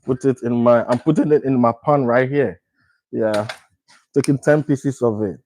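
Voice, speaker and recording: A man's voice: medium pitch, darkish tone, low-quality recording. A man from Ghana talking casually through a home cooking video, repeating his words as he works. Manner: repetitive, unhurried, talks while working. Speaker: cooking vlogger.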